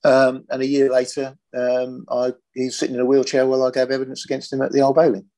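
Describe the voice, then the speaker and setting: A man's voice: mid-range voice, monotone, quick pace, mellow. An older man from Britain, a former police firearms officer, telling his story in a plain-spoken, matter-of-fact interview.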